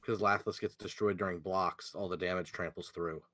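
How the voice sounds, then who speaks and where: A man co-playing a card game on a stream, giving laid-back, measured strategy advice in casual chat. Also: low voice, fairly even intonation, fairly bright tone, dry recording. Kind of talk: casual chat over voice call.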